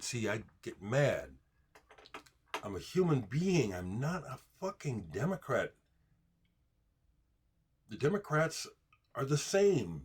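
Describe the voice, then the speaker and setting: A man hosts his own video with a husky, slightly rough voice, talking unscripted to camera. His delivery is heated and emphatic, and his pitch swings widely as he restarts his sentences and pushes his points. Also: big pitch swings, slow, pauses often. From United States. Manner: heated, emphatic, frustrated ranting with repeated restarts. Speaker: video host answering viewer comments.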